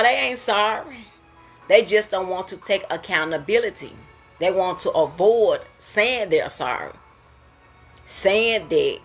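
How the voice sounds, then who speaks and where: A woman hosts a casual, preachy talk about emotions, laughing as she goes. Her voice sits a bit low and sounds husky. Faint music plays behind her. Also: fairly bright tone. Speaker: host.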